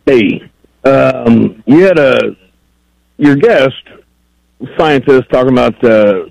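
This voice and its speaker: A man's voice: mid-range voice, lively intonation, slow, vocal fry, a little mellow, no room sound. A man calling in to a radio show, rambling and pressing the host on a point. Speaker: caller. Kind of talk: phone-in call. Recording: dull lo-fi phone line.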